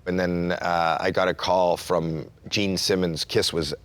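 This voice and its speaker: A man in his sixties from Canada, a comedian telling a story in an interview and acting out quotes with sudden jumps in pitch. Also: level tone, a little slow, a bit bright, no echo. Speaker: comedian guest.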